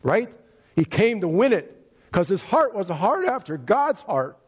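A male preacher with a high, husky voice that rises and falls animatedly as he drives his points home. He retells scripture in everyday words and says key lines twice. The recording is dull and lo-fi. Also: big pitch swings, unhurried. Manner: emphatic, repeats key phrases, paraphrases scripture in casual speech. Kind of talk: sermon.

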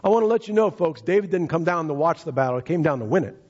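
Husky, lively-pitched male preacher. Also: fast talker. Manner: emphatic, repeats key phrases, paraphrases scripture in casual speech. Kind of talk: sermon. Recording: dull lo-fi recording.

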